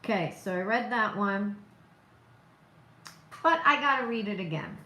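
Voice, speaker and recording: Woman, accent, live-stream host, slow deliberate delivery, emphatic, repeats herself, rhetorical questions, roomy echo. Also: medium pitch, animated, bright, forceful tone. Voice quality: has a noticeable accent. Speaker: political livestream host. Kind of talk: opinionated live-stream talk.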